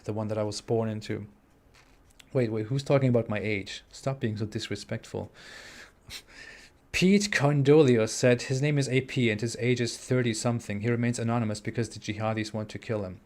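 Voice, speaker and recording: A man's voice: fairly low pitch, steady tone, moderate pace, a little mellow. Hesitant young German-accented man. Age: 20s. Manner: hesitant, many fillers and restarts. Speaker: livestream host. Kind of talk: live-stream chat reading super chats. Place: home in the US Midwest.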